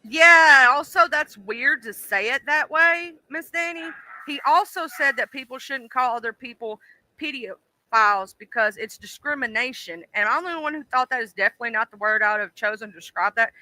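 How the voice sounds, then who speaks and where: A high-voiced woman hosts a casual livestream and talks straight to her chat. Her voice is very bright and crisp, and she is blunt and exclaiming. The sound is dry and close, with almost no room around it. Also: no room sound. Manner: animated, blunt and exclaiming, quick to voice disgust. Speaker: livestream host.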